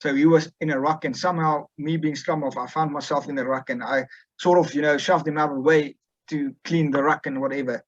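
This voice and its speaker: A man's voice: a little high, steady tone, brisk, no room sound, dull audio. A young man in his twenties from South Africa, with a South African accent, speaking casually in an interview with many fillers and restarts. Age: 20s. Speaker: guest, student rugby player.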